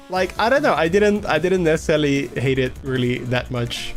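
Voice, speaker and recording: Rambling young man streaming over soft music. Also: high voice, sing-song. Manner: rambling, halting, many restarts and fillers; acts out quoted people in a raised voice. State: a little under the weather. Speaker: livestream host. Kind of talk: casual livestream chat.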